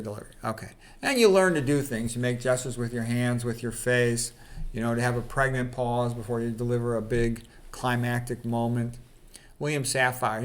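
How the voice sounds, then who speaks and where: A man talks casually on his own, reading out quotes and breaking off to comment. His voice sits at an ordinary middle pitch, and his delivery is conversational and opinionated, full of "okay" and "you know". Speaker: channel host.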